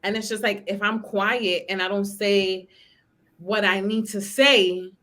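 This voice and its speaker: A woman's voice: mid-range voice, a little slow. Chatty woman podcast host. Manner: animated, acts out quotes loudly. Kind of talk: casual chat.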